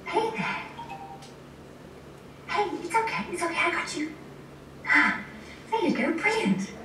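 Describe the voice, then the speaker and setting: Woman doing a sing-song controlling abuser, high and swoopy, echoey playback from across a room. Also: lively intonation, unhurried, bright, forceful tone, slight background noise, exaggerated voice. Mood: sweet coaxing. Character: manipulative controlling abuser, sweet then cruel. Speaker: scratch voice for an animatic. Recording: echoey room, played from far off.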